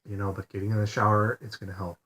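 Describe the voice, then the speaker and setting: A depressed man in a personal video diary, talking quietly and haltingly from his bed, repeating himself and swearing often. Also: fairly low pitch, little pitch movement. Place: lying in bed.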